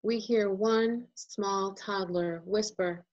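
A woman illustrator reading a children's picture book aloud, as a gentle and expressive storyteller. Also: medium pitch, slow, dull audio.

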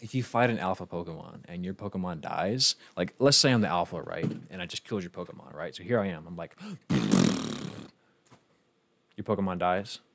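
A man giving casual, profane and excitable commentary while streaming a video game, often restarting his sentences. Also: deep voice, brisk, a little hiss or hum. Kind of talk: casual let's-play commentary.

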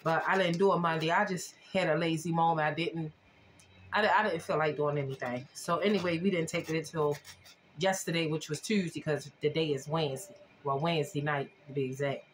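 A woman's voice: low-pitched, fairly even intonation, brisk, a little hiss or hum. A woman vlogger chatting casually through a storytime, rambling and repeating herself as she retells conversations.

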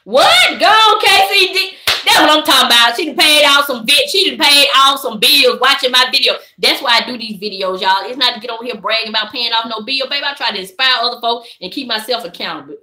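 A woman's voice: a little high, fast talker, few pauses, bright, forceful tone. A woman chatting on a live stream, easygoing and preachy, calling her viewers baby and y'all. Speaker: vlogger hosting a live stream. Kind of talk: casual live-stream chat. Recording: echoey room.

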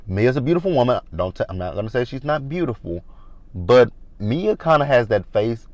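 A man's voice: medium pitch, big pitch swings, a little fast, darkish tone, no echo, highs cut off. A man from the American South giving a chatty, blunt review of a reality TV episode, acting out the cast in quotes. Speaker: reality TV recap vlogger.

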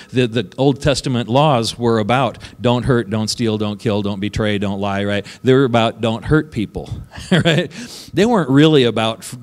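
A man's voice: medium pitch, long reverb tail. A man preaching a sermon as pastor, talking conversationally and often checking in with "right?" between points. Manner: conversational, keeps asking "right?" and chuckling. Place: church sanctuary.

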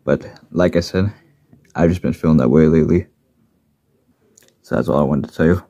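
A man voicing a gentle, earnest little blue miniature engine who talks softly about his troubles. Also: a bass voice, moderate pace, dry recording. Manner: soft-spoken, troubled, earnest. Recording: dull lo-fi recording.

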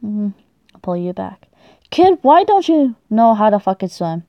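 A young woman commentating on her game play, excitable and swearing a lot, shrieking when startled. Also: mid-range voice, a little slow, no room sound, muffled recording. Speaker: gaming YouTuber.

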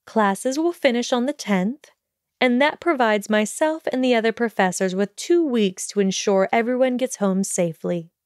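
A woman voicing a calm older headmistress. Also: a little high, dry recording, clean studio sound, natural voice. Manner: even, measured delivery.

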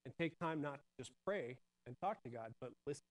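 A man sharing a personal testimony at a church service, earnest and halting, with many restarts and fillers. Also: medium pitch, lively intonation, low-quality recording.

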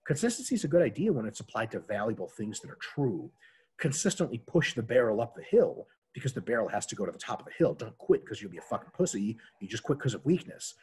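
A man talking as a podcast guest in casual chat, animated and jokey, with lots of profanity. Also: mid-range voice, fast talker, husky.

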